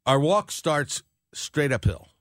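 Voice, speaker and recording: A man's voice: fairly high pitch, big pitch swings, slow, no echo, clean studio sound. A man co-hosting a radio show, telling a long, rambling everyday story at an easy pace with lots of fillers. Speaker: radio co-host. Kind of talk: casual chat.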